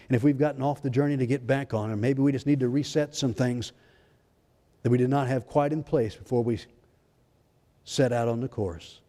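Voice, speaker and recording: A male pastor preaching a fervent sermon, swinging between loud exclamations and hushed, intimate lines. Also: mid-range voice. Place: church sanctuary. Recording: long hall reverb in a church.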